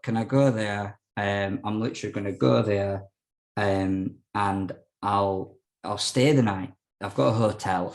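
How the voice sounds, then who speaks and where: A man's voice: lowish voice, vocal fry, a little mellow. A young man telling his story as a podcast guest, frank and rambling, with many fillers and restarts. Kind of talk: casual storytelling interview.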